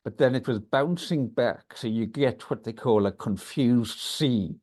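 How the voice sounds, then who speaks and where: A man from Scotland with a Scottish accent, a podcast guest telling stories in an animated way. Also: unhurried. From Scotland, Isle of Lewis. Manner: animated storyteller, pitch leaps when excited. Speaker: guest, writer. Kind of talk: conversational storytelling.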